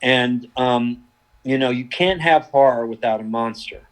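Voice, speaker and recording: An older man, an actor giving thoughtful, wry answers in a relaxed interview, pausing and restarting as he thinks. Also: medium pitch, low-quality recording. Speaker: actor guest.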